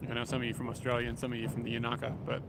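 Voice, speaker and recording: Casual male streamer, gravelly voice, rambling outdoor chat over loud street and train noise. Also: mid-range voice, very fast. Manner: relaxed, rambling, chuckles often. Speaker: livestreamer. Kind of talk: casual livestream chat, reading viewer comments. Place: outdoors in a city, near train tracks. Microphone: small camera-mounted mic. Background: passing vehicles and trains.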